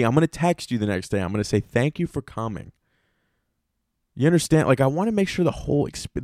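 A man's voice: medium pitch, no echo, clean studio sound. A man hosting a podcast, telling a rambling, profanity-heavy story and often correcting himself mid-sentence. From North Carolina, US. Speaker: podcast host. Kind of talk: casual storytelling monologue.

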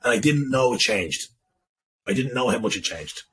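A man's voice: medium pitch, animated, normal speed, fairly bright tone, slight background noise, rough recording. A young man telling an emotional personal story on a podcast, emphatic, swearing and repeating himself. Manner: emphatic, profane, repetitive. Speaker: guest.

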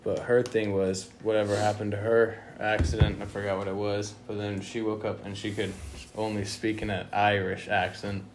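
A man's voice: fairly low pitch, little pitch movement, normal speed, background noise. A young man hosting a casual podcast chat, laid-back and rambling, full of slang. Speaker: podcast host.

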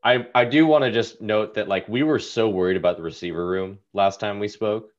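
A man's voice: lowish voice, fairly quick, dull audio. A man hosting a casual sports podcast, talking in a brash, joking way and swearing freely. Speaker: podcast host.

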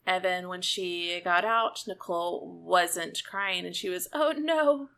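A woman's voice: level tone, measured pace, creaky, pushed and bright, a little hiss or hum. A woman co-hosting a casual TV recap podcast. She is emotional and acts out scenes she describes. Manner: emotional, re-enacts scenes with high squeaky voices. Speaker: podcast co-host. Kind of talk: casual chat.

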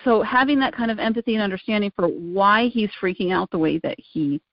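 A woman talks earnestly and tells stories in an easygoing chat, often repeating words for emphasis. Her voice sits at an ordinary pitch. The recording is dull and lo-fi, with a dry sound and no room echo. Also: a little fast. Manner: earnest, storytelling, emphatic repetition. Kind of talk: casual conversation.

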